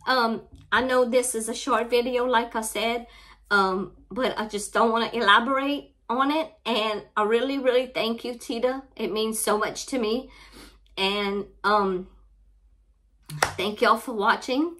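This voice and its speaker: A woman with a Louisiana Southern accent hosting an unboxing vlog, her voice shaky as she holds back tears, talking softly and haltingly with many fillers. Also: a little high, steady tone. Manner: soft, halting, full of fillers. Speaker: craft channel host.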